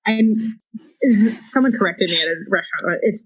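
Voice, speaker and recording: A woman's voice: medium pitch, fairly quick, slightly rough, poor audio. A woman guest in a casual podcast chat, talking hesitantly with many fillers. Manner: hesitant, full of "like" and restarts.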